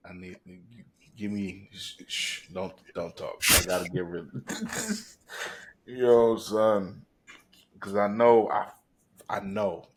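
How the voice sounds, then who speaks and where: A man's voice: fairly low pitch, animated, slow. A man hosting a podcast in casual banter, playful and teasing as he keeps restarting his intro. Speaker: podcast host. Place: indoor recording set.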